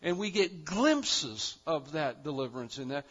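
A man preaching a sermon, building to loud emphatic repetitions and then dropping to quiet, low stretches. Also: expressive, measured pace, slightly rough, muffled recording. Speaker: pastor.

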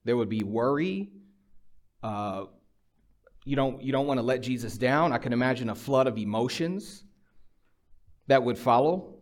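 A middle-aged pastor preaches a sermon that blends personal stories, dry humor and emphatic yet conversational exhortation. His medium-pitched voice moves a little slowly, with frequent pauses.

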